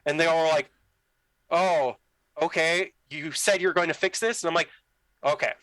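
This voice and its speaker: A young man telling a story in casual chat, animated, acting out the dialogue with lots of "like" fillers. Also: a little high, normal speed, dry recording, poor audio. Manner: animated, acts out quoted dialogue, many "like" fillers. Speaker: podcast guest telling a story.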